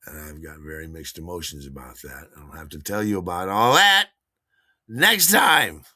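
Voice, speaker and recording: A man's voice: sits low, expressive, moderate pace, sharp tone, dry recording, clean studio sound. A man hosting his own show, telling a story casually in a rambling way with frequent chuckles and repeated words. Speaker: podcast host.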